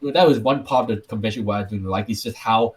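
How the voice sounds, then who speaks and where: A man's voice: fairly low pitch, fast talker. Rambling man with a Taiwanese accent. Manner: rambling, repeats and restarts words. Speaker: podcast co-host. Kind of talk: casual podcast chat.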